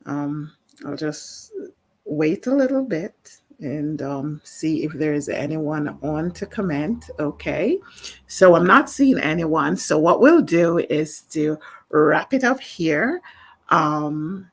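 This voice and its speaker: A woman with a Jamaican accent teaching a live language lesson, explaining slowly with many fillers. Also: deep voice, lively intonation, slightly rough.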